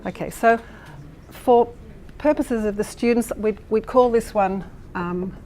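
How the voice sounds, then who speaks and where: This teacher trainer presents a workshop, demonstrating and explaining a lesson while checking in with the room, with frequent fillers and restarts. Her voice is fairly high and mellow, a little slow, with slight background noise.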